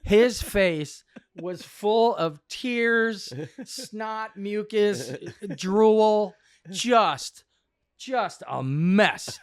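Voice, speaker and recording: A man's voice: sits high, extremely slow, clean tone, no echo, clean studio sound. A man, a comedian, telling a funny story in a backstage podcast chat, laughing as he goes. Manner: animated, laughs through his telling. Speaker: comedian guest.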